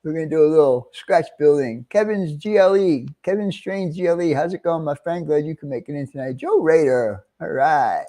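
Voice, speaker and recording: A man's voice: on the high side, a little fast, few pauses, mellow. A middle-aged man with a New York accent, hosting a casual livestream and greeting viewers one by one with friendly chuckles. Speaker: livestream host.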